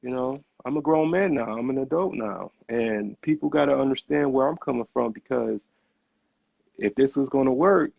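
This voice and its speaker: Earnest halting man with gravelly voice. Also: medium pitch, no room sound. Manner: earnest, halting, repeats words as he starts. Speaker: podcast host. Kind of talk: casual conversation. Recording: dull, muffled podcast audio.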